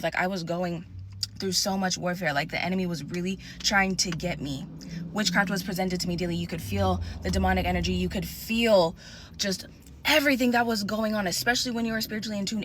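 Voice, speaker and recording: A woman's voice: medium pitch, fairly bright tone. A woman giving an earnest, emphatic personal faith testimony in a conversational, preaching way.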